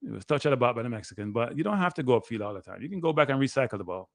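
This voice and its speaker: A man, a guest analyst giving excitable live play-by-play commentary on a match he is watching. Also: mid-range voice, rapid-fire, gravelly, dry recording, studio quality. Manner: excitable, play-by-play that bursts into shouting.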